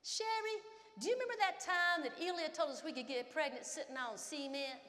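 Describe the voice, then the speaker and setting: A woman voicing a calm female teammate and mentor who asks gentle questions. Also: high-pitched, a little fast, faint music behind, a faint crowd. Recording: long hall reverb.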